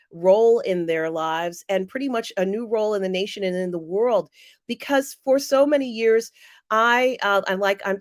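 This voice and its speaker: A woman hosts a live chat and speaks to her viewers by name at a middling pitch. She sounds teary and moved, and her talk is chatty and full of fillers. The recording is close and dry, with no room sound. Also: dry recording. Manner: warm, chatty, often pausing with fillers. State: teary and emotional. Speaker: livestream host reading viewer comments. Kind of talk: casual live-chat commentary.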